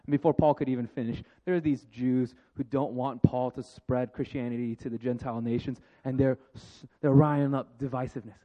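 A man preaching a sermon with jokes, moving between lively storytelling and hushed, slow reflection. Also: mid-range voice. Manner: animated and joking, then hushed and reflective. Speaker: pastor. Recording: dull lo-fi sound.

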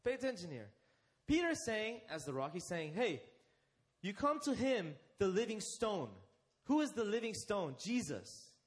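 A young man preaching a sermon, asking his listeners questions and slowing down to stress key phrases. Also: high-pitched, very animated. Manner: interactive, asks the congregation questions and leads them.

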